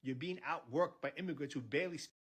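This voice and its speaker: Dude in a rant clip, husky, sarcastic, listing stuff off one by one. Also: male voice, a little high, fast. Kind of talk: rant video.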